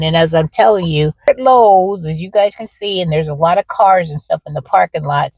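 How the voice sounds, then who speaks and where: A chatty woman vlogging about gardening, her voice a bit low and rambling with plenty of ums. The sound is close and dry, as if recorded on a phone. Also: a little mellow, dry recording. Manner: chatty, rambling, frequent fillers. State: out of breath. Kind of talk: casual vlog chat. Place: in a car.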